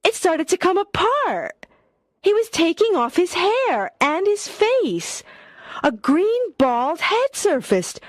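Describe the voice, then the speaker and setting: A woman narrating a story for English learners, slow, clear and expressive. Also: very high voice, dry recording, studio quality.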